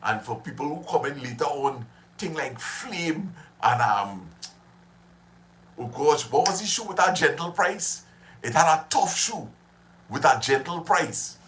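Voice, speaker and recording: A man's voice: fairly high pitch, lively intonation, measured pace, fairly bright tone, slight background noise. Chatty man hosting a stream. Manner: chatty and reminiscing, laughs often. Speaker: livestream host. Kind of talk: casual livestream chat with viewers.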